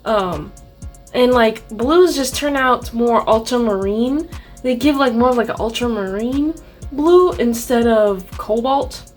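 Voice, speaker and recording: Young woman, casual art vlog chat, filler-heavy, swears, higher voice, light music under. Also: animated, slow. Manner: chatty, many "like" fillers, swears and rants with laughs. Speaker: artist vlogger. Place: home art studio. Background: faint background music.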